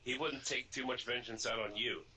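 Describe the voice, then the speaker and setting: A man's voice: mid-range voice, steady tone, normal speed, pushed and bright, slight background noise, rough recording. A man co-hosting a casual podcast, talking bluntly and joking, often repeating himself. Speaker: podcast co-host. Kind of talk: casual chat.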